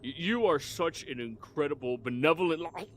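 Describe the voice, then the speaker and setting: A man's voice: a little high, moderate pace, a little hiss or hum, close to an everyday voice. A man voicing a nervous, fawning half-dragon who stammers and fills his talk with ums and uhs.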